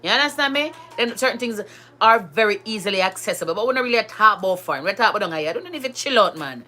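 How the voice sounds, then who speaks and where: A woman's voice: mid-range voice, animated, rapid-fire, pushed and bright. A Jamaican woman with children of her own, talking to her viewers in a chatty, emphatic way and slipping between patois and standard English. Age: adult with school-age children. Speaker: vlogger. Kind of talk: casual monologue to camera.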